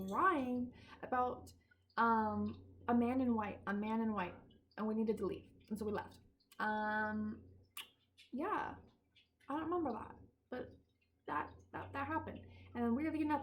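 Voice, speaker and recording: A young woman talks casually to her phone camera in her backyard. Her voice sits fairly high, and she rambles, giggles and loses her thread often. A faint background noise sits under her voice. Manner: rambling, giggly, easily sidetracked. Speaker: vlogger. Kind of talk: casual chat. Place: outdoors in a backyard.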